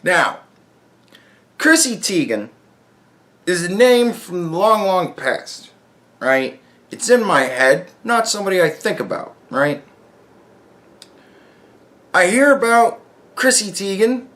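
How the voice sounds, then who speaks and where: A man's voice: high voice, takes it slowly, long pauses. A man hosting his own podcast, ranting in a loose, profane monologue full of swearing. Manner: animated, swearing constantly. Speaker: podcast host.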